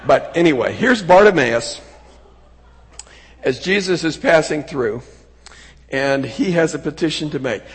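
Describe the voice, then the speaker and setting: A middle-aged man preaching a sermon in a folksy, animated way, acting out quotes with sudden shouts. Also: sits high, breathy edge. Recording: long hall reverb.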